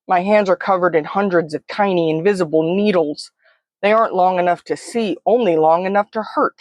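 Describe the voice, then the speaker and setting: A woman's voice: lowish voice, no echo. A woman telling a first-person story in a vivid, present-tense, close way. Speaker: narrator.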